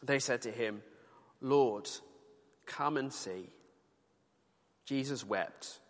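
In a mid-range voice, a British man delivers a sermon extremely slowly, earnest and chatty, adding colloquial remarks while reading from scripture. The sound carries the long reverb of a large hall.

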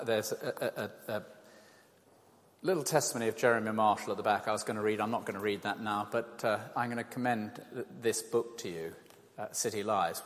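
An older man giving an evangelistic talk to an audience, conversational and self-deprecating, telling stories with animation. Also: fairly low pitch. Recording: reverberant hall.

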